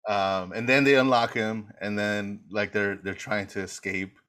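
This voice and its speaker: A man with a somewhat low voice chats through a movie recap on a podcast. He rambles along and laughs often as he goes. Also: fairly even intonation, a little slow, fairly bright tone. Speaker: podcast co-host. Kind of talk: casual rewatch chat.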